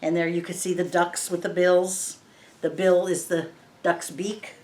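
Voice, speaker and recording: Lowish woman explaining to children. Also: flat delivery, a little slow, darkish tone. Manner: patient, explains simply. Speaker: teacher reading to children. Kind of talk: read-aloud lesson for kids. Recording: roomy echo.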